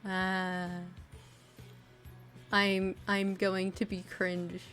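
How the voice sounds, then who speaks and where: A young woman in relaxed, unscripted chat who speaks at an unhurried, drawn-out pace. She giggles often, pokes fun at herself and lets her sentences trail off. Faint music plays quietly behind her voice. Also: medium pitch. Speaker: group art stream participant. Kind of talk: casual chat.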